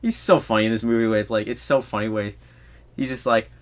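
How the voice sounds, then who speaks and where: A young man hosting a podcast, chatting casually about a movie he saw, excitable and quick to laugh. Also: on the low side. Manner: excitable, laughs often, acts out movie lines. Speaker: podcast host. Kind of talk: casual movie review chat.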